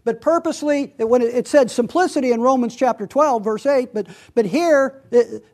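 High-voiced man preaching a sermon. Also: normal speed, darkish tone. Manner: preaching with rising emphasis, reading scripture aloud. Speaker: pastor.

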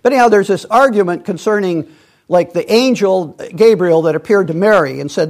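A man's voice: high-pitched, brisk, a little mellow. A man leading a Bible study, rambling and digressive, with many restarts and fillers. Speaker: Bible teacher.

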